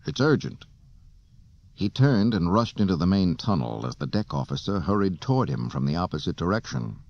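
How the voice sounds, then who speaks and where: A man narrating an audiobook in a lively, dramatic storytelling manner. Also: deep voice, a little fast, creaky, no echo. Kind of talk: scripted narration. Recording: dull dry cassette audio.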